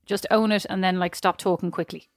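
A woman chatting casually as a podcast co-host, frank and opinionated in quick banter. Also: on the low side, fairly even intonation, dry recording, studio quality. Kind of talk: casual chat.

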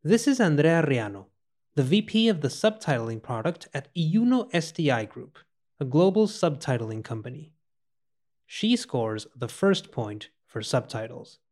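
A man hosting a podcast, narrating from a script in a clear, explanatory way. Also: on the high side, sing-song, measured pace, darkish tone. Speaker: podcast host.

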